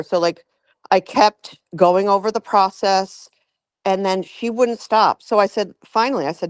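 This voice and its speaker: A woman's voice: medium pitch, a little slow, clean tone, no room sound. A woman real estate agent telling a client story on a group video call, acting out what each person said. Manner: animated retelling, acts out quotes.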